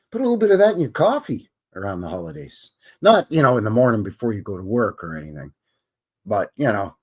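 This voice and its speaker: A man's voice: medium pitch, a bit bright. A man from Canada hosting a casual live stream, rambling and joking with his chat. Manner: rambling, jokey, chuckles to himself. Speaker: livestream host.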